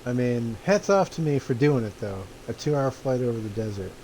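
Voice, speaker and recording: A man's voice: mid-range voice, expressive, a little fast, mellow, a little hiss or hum, poor audio. A man casually commenting while he plays a flight simulator, laid-back and rambling, often chuckling. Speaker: streamer playing a flight simulator.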